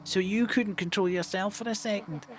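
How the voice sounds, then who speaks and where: A Scottish man reading a game aloud and voicing a cursed boy in hiding, with a low, quiet and resentful delivery. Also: steady tone, moderate pace, close to an everyday voice. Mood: bitter. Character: bitter cursed boy in hiding, dejected and angry.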